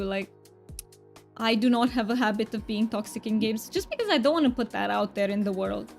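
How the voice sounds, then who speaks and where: A woman's voice: on the high side, lightly acted. A woman game streamer chatting with her viewers in a playful, put-on thick Romanian accent. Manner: playful, thanks viewers often. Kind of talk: casual live-stream chat. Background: faint background music.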